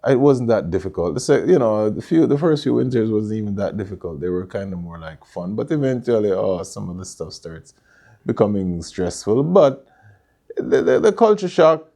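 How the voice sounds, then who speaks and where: A middle-aged man with a Jamaican accent, telling stories in a relaxed interview with many fillers and restarts. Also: on the low side, normal speed, vocal fry. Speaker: interview guest, Caribbean store owner. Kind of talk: casual conversational interview.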